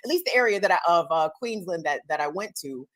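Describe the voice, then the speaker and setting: A woman co-host talks in casual chat, blunt and swearing freely. Her pitch jumps around with a lively range. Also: fast talker. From United States. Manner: blunt, profane, animated storytelling.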